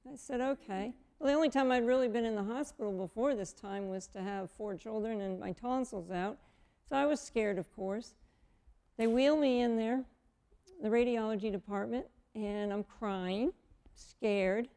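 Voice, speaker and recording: Woman in her 50s, guest, gravelly mellow voice, animated storyteller who acts out the dialogue. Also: a little high, moderate pace. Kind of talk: personal testimony storytelling.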